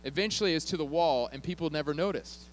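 A man's voice: fairly high pitch, quick pace, a little hiss or hum, rough recording. Joking, conversational male pastor preaching. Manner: conversational, joking, checks in with the congregation. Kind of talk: sermon. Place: church.

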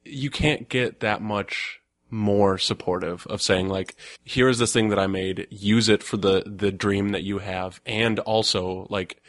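Low-voiced guy chatting about his game project, earnest, lots of likes and ums, dry close mic. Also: fairly even intonation, unhurried, few pauses, no room sound. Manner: earnest, lots of fillers and restarts, laughs often. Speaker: tabletop game designer. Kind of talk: casual podcast chat.

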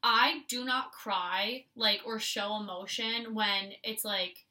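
A woman's voice: mid-range voice, steady tone, slow pace, sharp tone, recorded from a distance. A woman hosting a casual podcast, chatting away and telling stories, filling her talk with "like". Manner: chatty storyteller, says "like" constantly. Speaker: podcast host.

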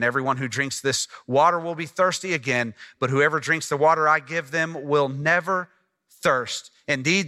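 A man preaching a sermon as pastor, animated and asking the congregation questions as he teaches. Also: mid-range voice.

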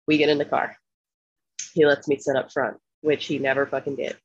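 A woman from Philadelphia telling a profane, animated story in casual podcast chat, laughing often. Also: a bass voice, brisk, slightly rough, no echo, dull audio. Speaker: podcast co-host.

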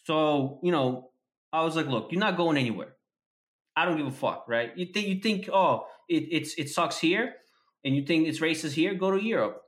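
Animated, profane man telling a story. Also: fairly high pitch, moderate pace. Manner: profane, animated storytelling, acts out quoted conversations. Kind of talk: casual podcast chat.

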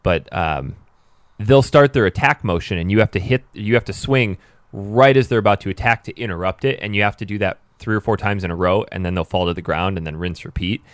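A man's voice: fairly low pitch, fairly quick, no room sound, clean studio sound. A man telling game stories in casual podcast chat. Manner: animated, storytelling. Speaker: podcast co-host.

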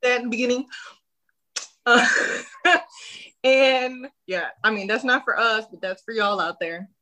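A woman's voice: a little high, a little slow, rough recording. A woman, telling a personal story in a casual interview and acting out the dialogue. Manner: animated, acts out quoted dialogue. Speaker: guest.

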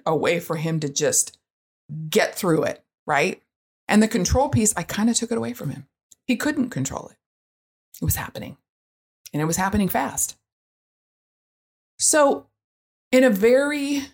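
A woman with a notably low voice tells a family story in a relaxed, chatty way. She keeps the talk loose with fillers and quick asides while staying animated. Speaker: parent sharing experience with autism. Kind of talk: casual storytelling monologue.

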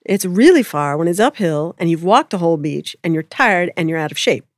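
Woman, spiritual storyteller, gentle reflective delivery, laughs easily, dry close mic. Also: fairly low pitch, lively intonation, fairly quick, dry recording. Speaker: spiritual speaker. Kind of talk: casual storytelling chat.

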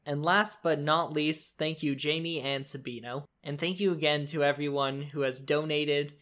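A man's voice: a little high, fairly even intonation, normal speed, a bit bright, no echo. A young man as game master, narrating a tabletop game in a loose, casual way, with fillers and restarts.

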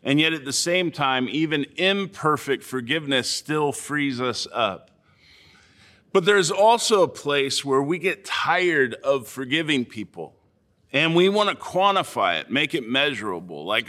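A man preaching a sermon as a pastor, speaking in a measured, earnest way with slow, deliberate phrasing. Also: a little high, animated, bright, forceful tone.

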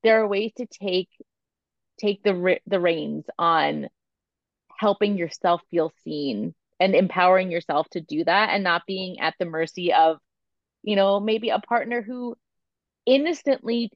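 A woman in her thirties, a photographer and coach, talking candidly in an interview, animated and full of filler words. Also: mid-range voice, a little slow, dry recording, muffled recording. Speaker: podcast guest, photographer and coach.

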